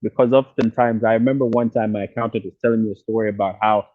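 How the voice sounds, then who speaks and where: A man's voice: lowish voice, fairly even intonation, fast, dry recording. A man, a musician, talks reflectively in a casual interview from outdoors, with many restarts and fillers. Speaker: musician guest. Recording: dry tinny phone-like line.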